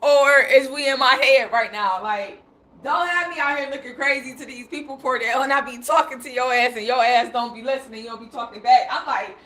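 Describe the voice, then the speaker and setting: A woman's voice: high-pitched, moderate pace. A young woman on a livestream, telling a personal story in a loose, slangy way and laughing often as she acts out what she said. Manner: animated, laughing, slangy, quoting herself. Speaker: livestream host.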